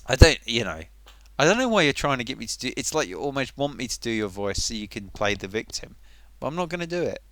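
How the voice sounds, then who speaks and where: Man, live streamer, casual rambling chat, self-mocking, smooth resonant voice, dry close sound. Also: medium pitch, sing-song, fast, fairly bright tone, no room sound.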